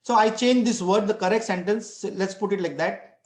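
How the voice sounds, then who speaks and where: A man's voice: high voice, moderate pace, darkish tone, echoey room. A man giving an online lecture, explaining step by step with restarts and frequent "right?" checks. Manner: explains step by step, many restarts and tag questions.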